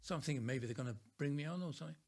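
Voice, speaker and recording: A soft-spoken man, a guest on a podcast, telling a story about working as an actor. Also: a little high, very fast, gravelly. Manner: soft-spoken, acts out voices in his story. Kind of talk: casual storytelling.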